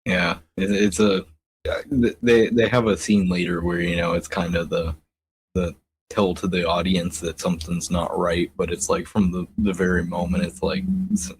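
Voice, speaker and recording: A laid-back man with a very low voice chats about comics on a podcast, laughing often. Faint noise hums under the recording. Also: little pitch movement, moderate pace. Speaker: podcast co-host. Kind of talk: casual comic book discussion.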